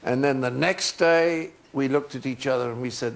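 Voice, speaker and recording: A man in his sixties, a chat show guest, telling anecdotes in an animated way. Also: medium pitch, moderate pace, creaky.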